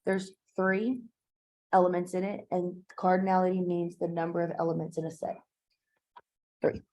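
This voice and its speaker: A woman lectures a math class in a classroom, her voice sitting a little low. She talks in a chatty, informal way, full of fillers and side remarks to the students. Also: little pitch movement, moderate pace, dark tone. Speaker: math teacher.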